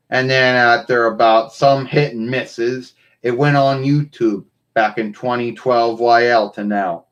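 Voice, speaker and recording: A man hosting his own live stream, talking casually and rambling, often circling back to repeat himself, into what sounds like a computer mic. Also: medium pitch.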